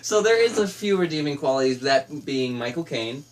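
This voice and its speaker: Slightly high-voiced man, sarcastic chat. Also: lively intonation, moderate pace. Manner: sarcastic, laughing often. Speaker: movie review co-host. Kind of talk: casual movie review chat.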